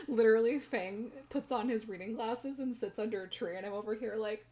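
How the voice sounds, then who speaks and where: At home, a young woman streams a game and chats casually with her viewers, giggling often and talking straight to chat. Her fairly high, slightly mellow voice runs brisk with barely a pause.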